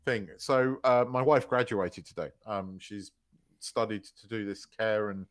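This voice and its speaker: A man's voice: lowish voice, measured pace. A man co-hosting a podcast, chatting casually, telling stories with lots of laughter and swearing. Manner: animated storyteller, swears freely, laughs loudly mid-story. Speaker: podcast co-host. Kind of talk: casual chat.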